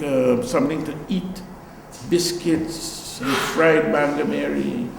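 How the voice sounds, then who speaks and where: An older man from Guyana, an artist giving a relaxed gallery talk, musing and repeating phrases with animated exclamations. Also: on the high side, creaky, roomy sound, big-room sound, a little hiss or hum, poor audio. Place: gallery room.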